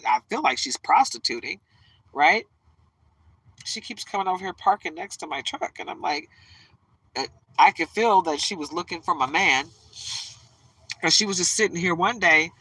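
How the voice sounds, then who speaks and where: A woman speaks on a casual livestream, her voice bright and forceful. She rambles through a chatty, emotional story from a parked truck. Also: on the low side, husky, dry recording, poor audio. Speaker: tarot reader livestreaming.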